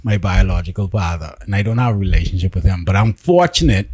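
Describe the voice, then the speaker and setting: A man hosting a casual podcast, talking with animated, emphatic storytelling and frequent restarts. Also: low voice, fast talker, breathy edge, no echo. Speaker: podcast host.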